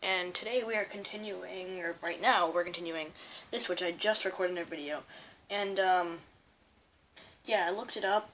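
Over game music and slight background noise, a young gaming YouTuber comments casually in a lowish, fairly bright voice at a moderate pace. Her let's-play talk rambles and she's quick to be surprised.

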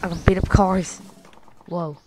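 A woman hosting a playful, excitable let's play, chatting to her viewers as she plays. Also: lowish voice, measured pace. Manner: playful, excitable, talks to viewers as lads and guys. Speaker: gaming channel host.

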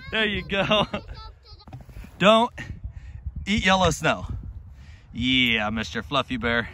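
A cheerful man calling out to his dog and narrating a snow-day vlog outdoors. His voice is high for a man and his pace relaxed and unhurried. He laughs easily and talks from a handheld camera. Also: a little hiss or hum. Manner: cheerful, excitable, laughs often. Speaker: vlogger with his service dog.

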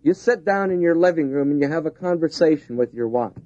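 A man's voice: fairly high pitch, expressive, fairly quick, dark tone, dry recording. A man preaching a sermon, driving his points home with repeated, rising emphasis. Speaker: pastor. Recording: dull lo-fi 1970s tape.

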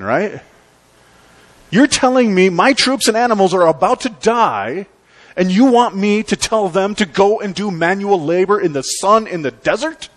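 Exasperated ancient kings, sputtering in disbelief and firing off questions, as a preacher acts them out. The voice leaps high and swings wildly in pitch. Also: male voice.

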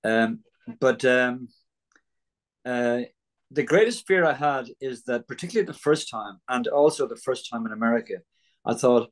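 An Irish man appears as an interview guest, speaking at medium pitch and a moderate pace. He gives an earnest testimony, voicing the people in his story.

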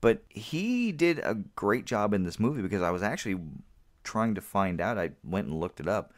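Deep-voiced man chatting about movies. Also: big pitch swings, moderate pace. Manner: rambling, laughs at his own jokes. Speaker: podcast co-host. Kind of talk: casual movie review chat.

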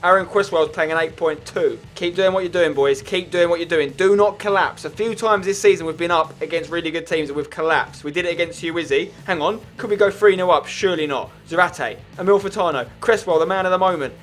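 A young man commentating his own football management game, excitable and yelling at his players. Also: on the high side, a little fast, few pauses. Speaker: gaming YouTuber.

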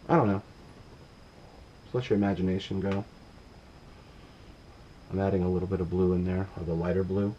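A middle-aged man giving a casual painting demonstration, relaxed and talking while he works, often trailing off mid-sentence. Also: low voice, muffled recording, a little hiss or hum. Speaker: painting instructor.

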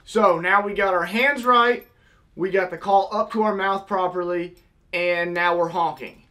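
High-voiced man teaching goose calling. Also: steady tone, a little slow, sharp tone. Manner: step-by-step, demonstrating with vocal honk sounds. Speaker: goose call instructor. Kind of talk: casual how-to tutorial.

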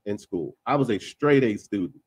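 A man in a casual panel discussion. He talks in an animated way, repeats himself, trails off into filler sounds and laughs as he talks. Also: fairly low pitch, moderate pace, breathy edge, no room sound. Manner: laughs while talking.

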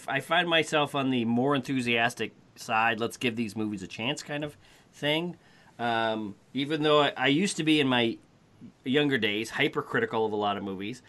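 A man hosting a casual podcast chat, wry and animated, often correcting himself mid-sentence. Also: medium pitch. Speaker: podcast host.

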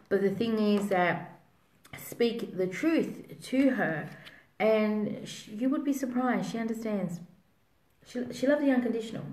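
A woman's voice: mid-range voice, darkish tone. A woman psychic giving a spiritual reading in a rambling way, full of fillers. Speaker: psychic reader. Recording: roomy echo.

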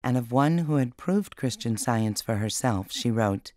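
A man giving a calm, sincere reading of recollections for a documentary. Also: medium pitch, a little slow.

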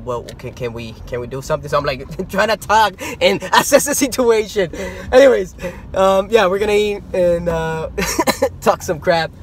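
A man chatting in a casual vlog, rambling and excitable, with lots of fillers. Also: a little high, slight background noise. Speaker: vlogger. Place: outdoors and in a car around shops.

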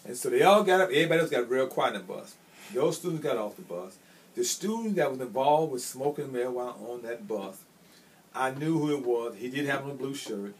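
A man's voice: medium pitch, lively intonation, a little fast. A middle-aged man from Chicago, a school administrator telling stories from his career, emphatic and repeating his key phrases. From Chicago, United States. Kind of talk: recounting personal career stories. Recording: slightly distant mic with faint ambient noise.

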